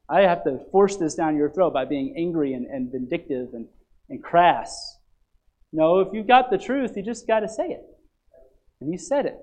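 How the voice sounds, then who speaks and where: A man preaching a sermon as pastor, swinging from loud emphatic passages to quiet low ones and asking the congregation to fill in words.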